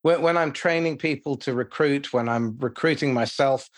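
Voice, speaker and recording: A man hosting an interview, asking questions in a measured, thoughtful way. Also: mid-range voice.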